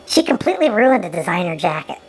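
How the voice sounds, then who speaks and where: A woman's voice: on the low side, very animated, fast, low-quality recording. A woman giving sarcastic running commentary over an old film, often stumbling and repeating her words.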